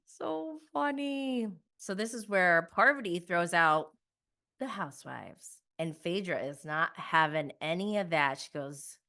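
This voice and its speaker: A woman's voice: mid-range voice, lively intonation, slow, pauses often, fairly bright tone. A young adult woman giving a casual, gossipy recap of a reality show, laughing often and acting out contestants' lines.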